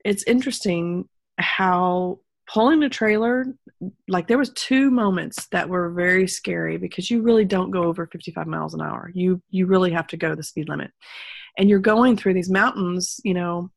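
A woman from Texas with a lowish, gravelly voice tells a personal story in casual conversation. She rambles with frequent ums and restarts and speaks sincerely about her faith. The recording is close and dry. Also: normal speed, dry recording. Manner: rambling, many ums and restarts, laughs between thoughts. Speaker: guest telling her story.

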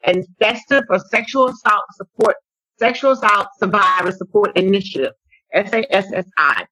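A woman guest on an interview show telling her own story in a lively, conversational way, often acting out what people said. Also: mid-range voice, normal speed, slightly rough, no echo, low-quality recording. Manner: animated storyteller, acts out quotes. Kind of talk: conversational testimony.

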